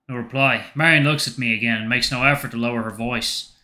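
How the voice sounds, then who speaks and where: A man hosting a gaming channel, reading a story game aloud in steady narration. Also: medium pitch, fairly quick. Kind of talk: reading a visual novel aloud.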